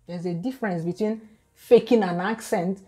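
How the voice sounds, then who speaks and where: A woman's voice: medium pitch, normal speed, warm tone, husky, faint music behind. A woman from Nigeria with a Nigerian English accent, talking casually to camera as a YouTube host in an emphatic, lecturing way full of rhetorical questions.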